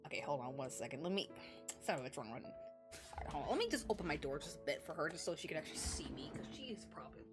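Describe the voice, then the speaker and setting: A woman's voice: low-pitched, animated, rapid-fire. A young woman streaming a game, chatting casually and cooing baby talk to her pets. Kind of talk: casual gameplay commentary. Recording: faint music behind.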